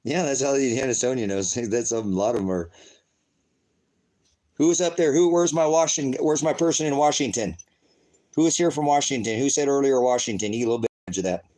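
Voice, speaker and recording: A middle-aged man talks over a screen share like a self-made online preacher. His delivery wanders, circles back with rhetorical questions and flares into cussing, all in a plain mid-pitched voice. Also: a little fast, mellow, poor audio. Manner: rambling, rhetorical questions, profane outbursts. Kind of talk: casual livestream commentary.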